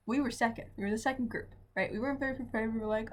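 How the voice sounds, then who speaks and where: A woman's voice: fairly high pitch, animated, fairly quick, slight background noise. A young adult woman, a student, telling a casual diary vlog from home in a rambling, chatty way that keeps asking "right?". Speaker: vlogger, student.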